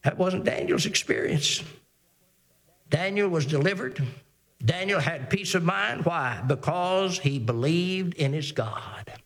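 A man with a high voice preaches a sermon as a pastor. He talks earnestly, piling up repeated phrases and tripping into restarts. Now and then he reads old scripture aloud in formal wording. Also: expressive, slow pace, a bit bright.

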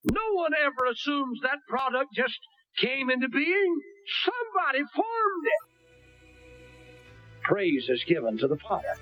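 A man preaching a sermon with fervor, climbing to shouts and falling back to a low, steady tone. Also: normal speed, muffled recording, faint music behind. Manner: fervent, rising to shouts and dropping low.

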